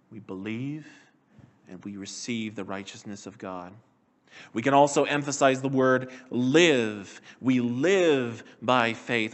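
With a fairly low, somewhat bright voice, a man preaches a sermon in a measured, earnest manner. He slows down and lowers his voice to stress key words.

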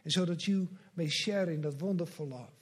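A man with a high voice preaches a sermon in an earnest, measured way. He leans on slow, emphatic repetitions as he addresses the congregation. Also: breathy edge. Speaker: pastor.

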